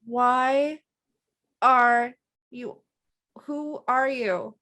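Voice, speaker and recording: A woman's voice: high voice, fairly even intonation, very slow, sharp tone. A woman playing in a tabletop role-playing game, puzzled and thinking aloud with lots of fillers. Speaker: player.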